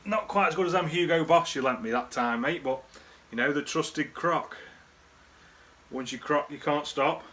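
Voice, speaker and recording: A man's voice: fairly high pitch, moderate pace, fairly bright tone. A man, rambling through casual, sweary memories in a laddish way to the camera. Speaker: vlogger. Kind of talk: casual reminiscing monologue.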